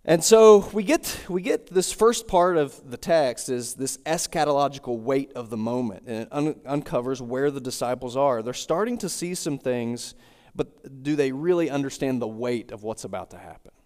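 A man's voice: mid-range voice, expressive, normal speed, darkish tone. A man preaching an expository sermon, walking through a text verse by verse and circling back with repeated phrases. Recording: long hall reverb.

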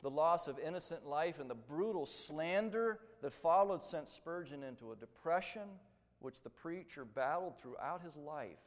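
A man preaching a sermon, telling a story with dramatic swings between loud emphasis and hushed tones. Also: on the high side, lively intonation, normal speed, long reverb tail.

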